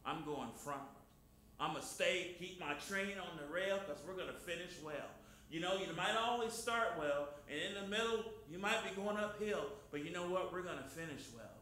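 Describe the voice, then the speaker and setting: A man pastor preaching an informal sermon in a folksy, emphatic way, swinging between loud and soft. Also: sits high, moderate pace, hardly any pauses. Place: church hall. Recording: very echoey room, faint noise.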